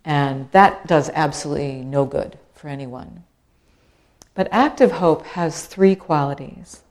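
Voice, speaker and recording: A middle-aged woman tells her own story to listeners, an author whose voice sits a little low for a woman. She builds tension with repeated phrases and shifts her delivery freely between moods. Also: measured pace. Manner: animated storyteller, acts out quoted voices. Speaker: author and speaker. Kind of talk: storytelling talk.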